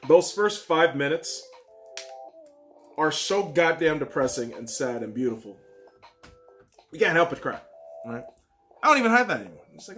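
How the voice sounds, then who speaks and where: A man hosting a casual solo football podcast, excitable and profane, swinging from loud bursts to quiet mumbles. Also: a little high, normal speed, pauses often, faint music behind. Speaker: podcast host.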